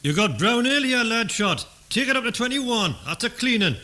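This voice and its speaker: A Geordie dad on CB radio. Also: male voice, very high voice, very animated, moderate pace, pushed and bright, full character voice. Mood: courteous. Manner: concise CB radio jargon. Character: Geordie father lost driving, polite CB user.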